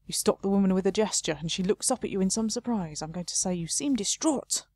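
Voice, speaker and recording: A woman's voice: medium pitch, lively intonation, quick pace, mellow. A woman playing a game, chatting casually and reading the game text aloud, often laughing at herself. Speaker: let's play host.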